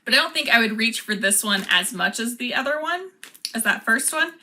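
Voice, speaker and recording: A woman's voice: a little high, expressive, brisk, bright, forceful tone, a little hiss or hum. A woman chatting casually as she unboxes and taste-tests snacks, laughing often. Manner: chatty, laughs often, reads product cards aloud. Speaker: vlogger.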